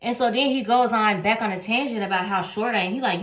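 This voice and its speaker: A woman's voice: mid-range voice, moderate pace, a bit bright, reverberant. A woman telling a casual story time, animatedly acting out the people she quotes. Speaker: storyteller in clip.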